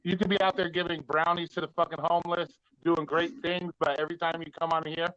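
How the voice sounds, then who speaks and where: A man hosting a heated livestream debate, his voice a bit higher than most men's. He swears freely and stumbles over repeats before pressing his point. The audio is dry and muffled, like a lo-fi call feed. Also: little pitch movement, fast talker, fairly bright tone, no echo. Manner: profane, repeats himself before making a point. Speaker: livestream host. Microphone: video call.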